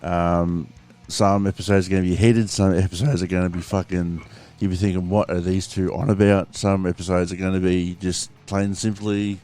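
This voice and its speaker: A man's voice: deep voice, little pitch movement, normal speed, darkish tone, soft background music. A man with an Australian accent co-hosting a podcast, in crude, laughing casual banter. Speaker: podcast co-host. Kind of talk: casual chat.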